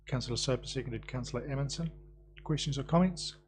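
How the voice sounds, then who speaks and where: Brisk New man chairing a meeting. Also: medium pitch, faint music behind. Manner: brisk and procedural, with dry quips. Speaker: council committee chair. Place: council chamber.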